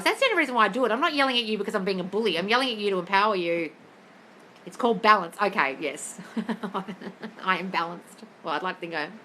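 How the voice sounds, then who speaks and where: Bright-voiced woman chatting on a live stream. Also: medium pitch. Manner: chatty, calls viewers darling; reads comments aloud and answers directly. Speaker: host answering viewer questions. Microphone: phone.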